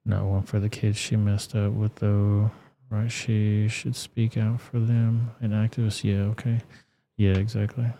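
A man's voice: on the low side, little pitch movement, unhurried, warm tone, slight background noise. A man hosting a casual livestream, reacting to videos and reading chat with crude, blunt, profane talk. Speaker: livestream host.

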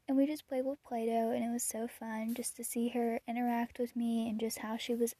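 A teenage girl rambles casually through her week, a little out of breath, with fillers and small laughs. Her voice sits fairly high but sounds mellow and slightly husky. The recording is dry and close. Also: little pitch movement, normal speed, no echo. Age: teens. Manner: rambling, chatty, with frequent fillers and soft laughs. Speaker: podcast host. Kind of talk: casual personal chat.

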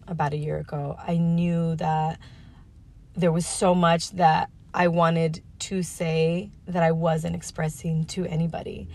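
A woman in her thirties talks alone into her podcast mic, earnest and reflective. Her voice sits fairly low with a gravelly fry, and she circles her thoughts with fillers and restarts. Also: darkish tone. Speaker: podcast host. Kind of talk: reflective solo podcast monologue.

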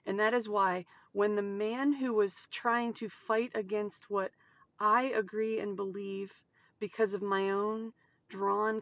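A woman talks through an emotional personal monologue in a halting way, breaking into sudden outbursts and dropping to soft whispers. Her voice has a gravelly edge. The sound is dry, with no room echo. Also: medium pitch. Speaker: mother sharing personal experience.

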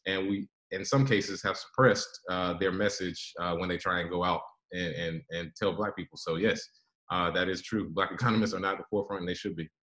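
A man's voice: low-pitched, fairly even intonation, fairly quick, fairly bright tone, reverberant, low-quality recording. A man, a guest author, explaining his ideas earnestly in a podcast interview.

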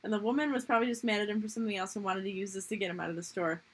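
A young woman co-hosting a podcast, reading a story aloud and chatting in a lively, jokey way. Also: mid-range voice, rapid-fire, slightly rough. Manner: lively, jokey, laughs often. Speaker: podcast co-host.

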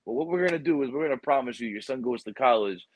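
A man in casual conversation, telling long winding stories and acting out the lines of the people in them. His voice is a little husky, at an ordinary pitch. The sound is dry and close. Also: fast, dry recording. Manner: rambling, animated storytelling with quoted dialogue and swearing. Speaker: military recruiter. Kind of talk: casual chat.

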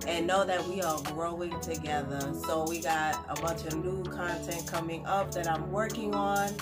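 Raspy, stuffy-voiced woman podcast host. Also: on the low side. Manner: chatty, upbeat, many fillers. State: hoarse and stuffy from a cold. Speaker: podcast host, respiratory therapist. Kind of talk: casual podcast monologue.

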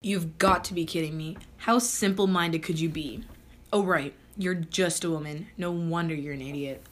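A woman's voice: on the low side, steady tone, moderate pace, noisy background, natural voice. A woman playing a sulky, whiny teenage male prince in a comedic skit, talking sarcastically and with exasperation, addressing viewers like a vlogger. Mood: sarcastic.

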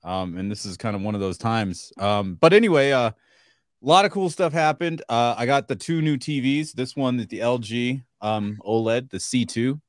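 A man's voice: medium pitch, normal speed, no room sound, clean studio sound. A man co-hosting a podcast in casual chat, laid-back and laughing between phrases. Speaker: podcast co-host.

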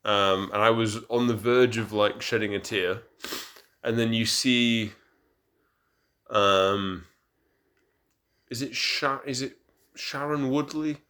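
A young man co-hosts a casual podcast, a little tipsy and rambling. He keeps stumbling over his restarts, and his voice sits somewhat low. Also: slow, pauses often, sharp tone. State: tipsy from drinking. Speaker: podcast co-host. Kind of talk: casual chat.

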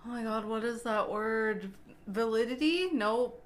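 A woman's voice: fairly high pitch, a little slow. A young woman co-hosting a podcast in casual chat, trailing off as she searches for words. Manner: chatty, trails off mid-sentence searching for words. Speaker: podcast co-host.

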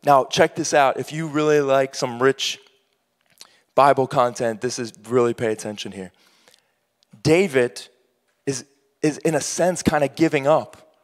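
A man's voice: medium pitch, unhurried, long pauses, long reverb tail. A male pastor preaching a sermon, who builds in rising bursts and acts out imagined voices of his listeners.

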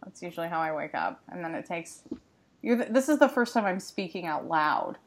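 A woman's voice: fairly low pitch, animated, normal speed. A woman co-hosting a podcast in casual chat, with a congested morning voice, rambling and filler-heavy. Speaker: podcast co-host. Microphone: computer mic on a video call.

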